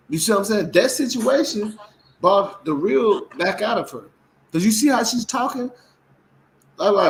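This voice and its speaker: High-pitched man in animated casual chat. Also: normal speed, a little hiss or hum, rough recording. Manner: animated, acts out quotes in mimicking voices. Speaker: co-host.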